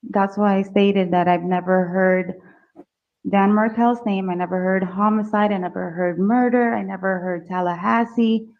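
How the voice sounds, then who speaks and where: A woman's voice: medium pitch, steady tone, moderate pace, creaky. A woman testifying in court, answering politely but defensively. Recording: dull courtroom audio.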